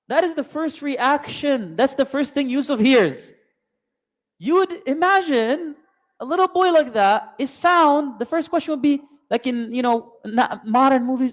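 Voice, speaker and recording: A man's voice: very high-pitched, animated, normal speed. A man giving a religious lesson as a storyteller, asking many rhetorical questions and mixing in Arabic terms. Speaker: Islamic teacher. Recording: long hall reverb.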